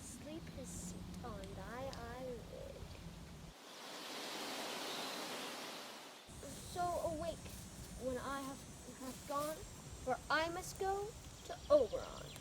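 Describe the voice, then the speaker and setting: A woman's voice: a little high, sing-song, slow pace, heavy background noise. A girl playing a mischievous fairy servant. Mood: spellcasting. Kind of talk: outdoor youth stage acting.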